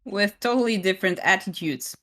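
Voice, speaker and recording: A woman with a Polish accent playing a tabletop game, speaking in halting, casual phrases. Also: medium pitch, fairly bright tone. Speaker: player.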